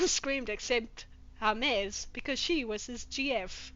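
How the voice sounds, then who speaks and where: Sarcastic, swearing woman with a bright, high voice, on a slightly dull lo-fi recording. Reads fanfic aloud for laughs. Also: takes it slowly, no room sound. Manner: profane, sarcastic, exasperated. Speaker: host reading fanfiction aloud. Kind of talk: comedic dramatic reading with commentary.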